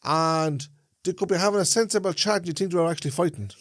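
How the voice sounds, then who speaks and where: A man's voice: sits high, quick pace, no echo, clean studio sound. A man with an Irish Traveller accent, co-hosting a podcast in casual chat, rambling and often checking he's understood. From Ireland. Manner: rambling, checks in with "do you get what I'm saying". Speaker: podcast co-host.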